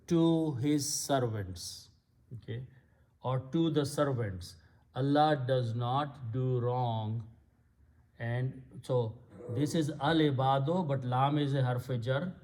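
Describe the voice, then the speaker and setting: A man's voice: mid-range voice, darkish tone. A man giving a patient, step-by-step lecture on Arabic grammar and vocabulary. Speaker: Quran Arabic teacher. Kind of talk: slow explanatory lecture.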